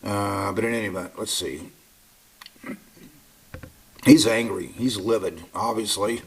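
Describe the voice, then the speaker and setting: A political commentator speaks casually to camera, rambling and digressing with frequent fillers and restarts. His voice sits on the low side, and he talks a little slowly.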